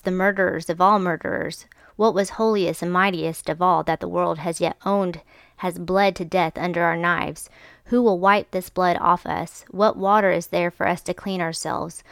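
A woman reads aloud as a raving madman with a lantern, hurling questions at a crowd. The voice is low and smooth, stuffy in the nose, and recorded close and dry. The emphasis stays measured, like a reading. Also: no echo. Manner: read aloud with mild emphasis.

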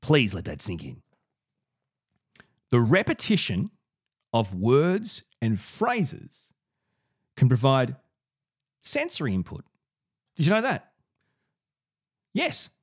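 A man hosting his own commentary video, speaking straight to the viewer in an animated, sarcastic way and often repeating words as he goes. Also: mid-range voice, slow pace, long pauses, husky. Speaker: podcast and video host. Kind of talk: direct-to-camera commentary.

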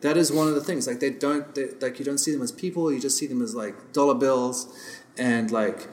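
A man's voice: mid-range voice, brisk, slight background noise. A man from South Africa, a podcast guest telling stories in casual chat, rambling and heavy on fillers, often chuckling as he talks. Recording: roomy podcast room echo.

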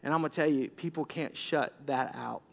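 A male pastor preaching a sermon with animated delivery, swinging between loud bursts and hushed lines. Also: fairly high pitch, brisk, creaky. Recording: long reverb of a large hall.

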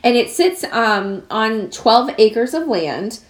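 A woman's voice: on the high side, sing-song, slow. A woman co-hosting a podcast, chatting casually with lots of fillers and jokes. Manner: chatty, rambling with many fillers and restarts, jokey. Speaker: podcast co-host. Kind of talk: casual chat.

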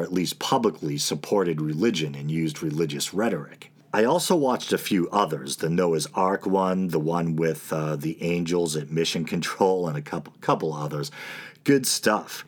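A man with a New England accent hosts his own podcast alone, his voice sitting very low. He talks in a loose, offhand way, dropping wry asides and pausing on small "uh" fillers as he goes. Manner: casual, wry, with frequent "uh" fillers. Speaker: podcast host. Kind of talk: solo podcast commentary.

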